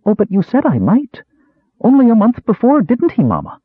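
A man's voice: medium pitch, sing-song, normal speed, husky, dry recording, voice pushed up. A man reading an audiobook, voicing a lord's eldest daughter, an eager teenage girl who pleads with her father. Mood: pleading. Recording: dry, tinny phone-like sound.

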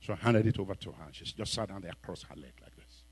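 A man, a bishop, telling a story in a sermon in an animated way, acting out the voices of the people in it. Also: low-pitched, fast, breathy edge. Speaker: bishop and preacher.

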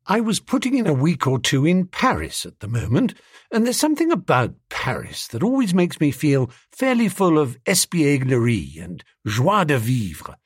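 A man's voice: on the high side, huge pitch swings, normal speed, breathy edge, no room sound, clean studio sound. A man reading a comic story aloud in a jaunty first-person narration. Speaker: audiobook narrator.

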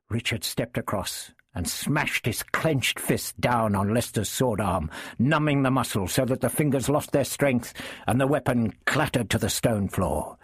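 Expressive male storyteller, husky voice. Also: medium pitch, measured pace, no room sound, clean studio sound. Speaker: narrator. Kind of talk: reading a historical novel aloud.

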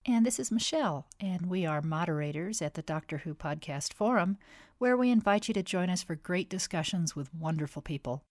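A woman's voice: fairly low pitch, fairly quick, no echo, clean studio sound. A woman reviewing an audio drama in casual chat, articulate and enthusiastic. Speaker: forum moderator, reviewer.

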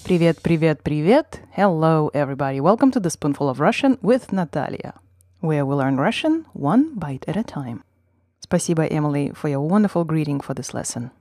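A woman hosting a language-learning podcast, reading a scripted lesson in a measured, explanatory way and modelling sample words. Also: low-pitched, animated.

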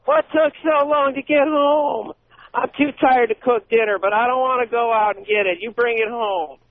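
A male caller voicing a lazy, demanding wife in a high bossy falsetto. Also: fairly even intonation, normal speed, no echo. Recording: dry tinny phone line.

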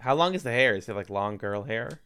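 A man playing in a tabletop game, quick and jokey, often poking fun at himself. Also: medium pitch, animated, pushed and bright, clear, resonant tone. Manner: quick, jokey, self-mocking. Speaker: player. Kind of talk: tabletop game play over a call.

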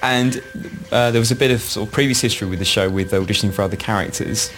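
A man interviewing a guest, asking friendly, halting questions. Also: on the low side, fairly bright tone, soft background music. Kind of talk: casual interview.

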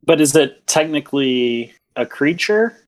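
A man's voice: fairly high pitch, lively intonation, measured pace. Rules-minded man at a game table. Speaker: player. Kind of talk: casual tabletop play.

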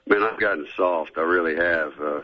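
A man's voice: deep voice, normal speed, no echo. A middle-aged man and former football player, a guest in a casual radio interview, talking in a laid-back drawl and saying "man" a lot. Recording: dull lo-fi radio audio.

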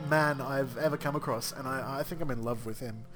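A man's voice: medium pitch, fairly quick, over music. A man hosting a podcast, joking and rambling in casual chat with frequent laughter. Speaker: podcast host.

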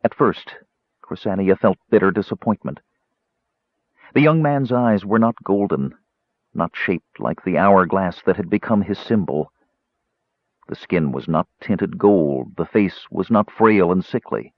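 Male audiobook narrator, deep voice, animated delivery, dry dull recording. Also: a little slow, dry recording. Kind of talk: scripted narration. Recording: slightly muffled audio.

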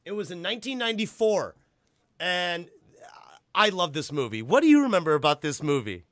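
A man hosting a podcast in loose, casual chat, excitable and profane, breaking into loud laughs. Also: high voice, a little fast, dry recording, clean studio sound. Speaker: podcast host.

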